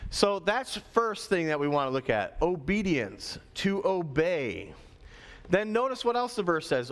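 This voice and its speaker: A man preaching to schoolchildren in a school chapel, as pastor and teacher, lively and teacherly, repeating his key points. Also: high-pitched, a little slow. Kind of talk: sermon to schoolchildren.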